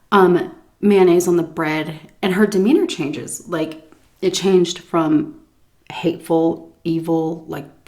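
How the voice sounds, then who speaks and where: A woman vlogger telling a story in a lively, animated way. Her voice sits a little low, and she breaks into laughter often while she acts out what people said. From United States. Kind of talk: storytime chat.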